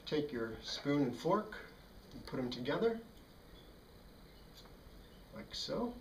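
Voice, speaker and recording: At normal speed and an ordinary male pitch, a man relays a childhood story in a relaxed, matter-of-fact, dryly wry manner, as casual spoken storytelling. The mic sits some distance away, so the sound is roomy, with slight background noise.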